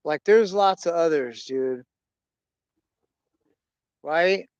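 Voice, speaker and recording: A man's voice: a little high, animated, very slow, smooth, dry recording, muffled recording. A man hosting a casual monologue, rambling and cursing as he tells a story.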